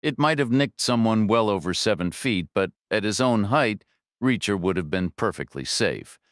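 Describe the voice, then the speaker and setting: A male audiobook narrator reads a thriller in a steady, measured manner. His voice is low, smooth and resonant. It is recorded close on a studio mic with no room sound at all. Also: no room sound. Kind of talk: scripted narration.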